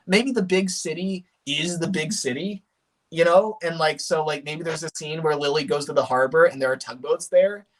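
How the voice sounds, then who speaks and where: A man chatting casually on a livestream, rambling and animated, with many fillers and restarts. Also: sits high. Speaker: streamer.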